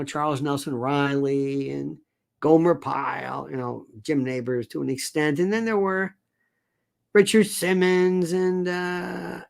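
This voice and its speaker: A man's voice: on the high side, gravelly. An older man hosting an opinion commentary monologue, sarcastic and digressive in his delivery. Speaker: commentary host.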